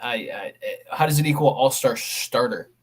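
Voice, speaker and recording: Male guest, mid pitch, blunt, casual sports talk. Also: normal speed. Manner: blunt, quotes stats. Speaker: podcast guest.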